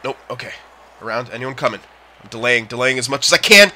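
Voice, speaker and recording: A young man giving excited commentary over his own gameplay, shouting at plays and muttering between them. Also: medium pitch, fast talker. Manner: yells and groans at the game, then mutters to himself. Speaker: gaming commentator.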